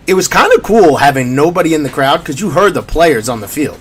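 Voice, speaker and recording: A man co-hosting a casual sports podcast. His voice sits a little high and swings up and down with energy. He tells stories and slips into acted-out quotes along the way. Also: brisk. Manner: animated, storytelling with acted-out quotes. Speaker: podcast co-host.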